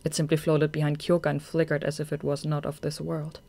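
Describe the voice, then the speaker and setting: Brief: steady fan-audiobook narrator, plain mid-pitched reading. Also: a little fast, creaky.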